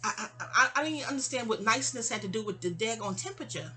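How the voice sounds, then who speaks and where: Woman storyteller, chatty and rambling, bright tense voice, acts out the quotes. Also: a little high, animated, fast, slightly rough. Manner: rambling, repeats and restarts words, acts out quotes. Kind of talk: casual storytime monologue.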